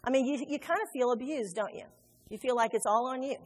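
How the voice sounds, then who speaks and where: Lively woman preacher in an echoing hall. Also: high voice, fast talker. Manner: animated, conversational, joking with the congregation. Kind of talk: sermon. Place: church sanctuary. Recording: long hall reverb.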